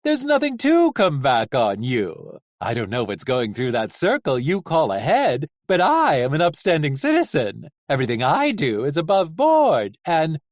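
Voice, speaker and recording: A reader voicing a pompous, blustering male coachman who speaks loudly and self-importantly. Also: medium pitch, huge pitch swings, moderate pace, hardly any pauses, dry recording, studio quality. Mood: indignant.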